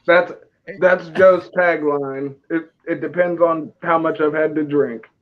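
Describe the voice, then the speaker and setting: Male podcast co-host, high-ish voice, dry quips, dull lo-fi recording. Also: fairly even intonation, unhurried. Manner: dry, wisecracking. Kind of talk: casual podcast chat. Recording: dull lo-fi mic.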